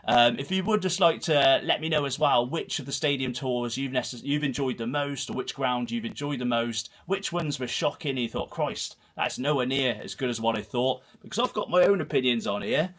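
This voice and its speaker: A man's voice: medium pitch, fairly quick, few pauses, fairly bright tone. Chatty man with a West Country accent. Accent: Herefordshire and Gloucestershire. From Herefordshire, England. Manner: rambling, chatty, self-deprecating. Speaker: host of a football channel livestream. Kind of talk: casual solo livestream chat, reading comments. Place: small dark home room full of football shirts.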